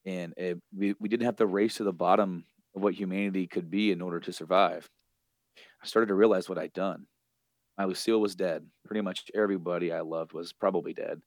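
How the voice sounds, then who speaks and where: A man voicing a remorseful grown man, a villain begging to be killed, in a low, quiet retelling. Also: fairly even intonation, brisk, no echo, studio quality, lightly acted.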